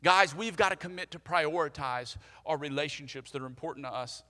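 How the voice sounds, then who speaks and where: A young man preaching a sermon, energetic and conversational, leading the congregation to repeat after him. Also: on the high side, a little fast, in a large hall. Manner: energetic, conversational, leads call-and-response. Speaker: pastor.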